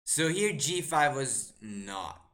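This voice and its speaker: A man commentates a chess game live on stream with a bright, ringing voice that swoops widely in pitch. He speaks slowly, muttering move sequences half to himself and tossing exasperated rhetorical questions at the board. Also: sing-song.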